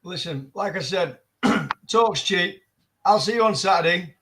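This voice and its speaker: A young man, a boxer answering calmly and brushing off trash talk. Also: high-pitched, measured pace, a little hiss or hum. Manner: level-headed, dismisses trash talk, repeats short lines. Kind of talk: calm pre-fight face-off.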